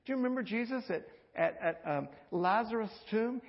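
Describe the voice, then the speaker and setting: Gravelly-voiced man preaching in a hall. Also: high-pitched, lively intonation, normal speed, hardly any pauses, muffled recording. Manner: conversational, repeats words, dramatic swings from loud to hushed. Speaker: pastor. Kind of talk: sermon.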